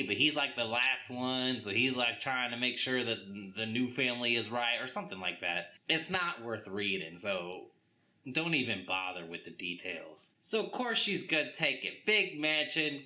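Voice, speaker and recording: A young man with a Southern US accent ranting through a comic book review, exasperated and acting out characters in quick voices. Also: mid-range voice, expressive, bright, forceful tone.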